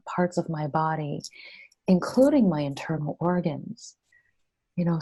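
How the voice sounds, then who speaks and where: A woman, an interview guest, gently talking through soothing self-compassion affirmations. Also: fairly low pitch, vocal fry, husky, poor audio. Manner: soft, slow, soothing affirmations.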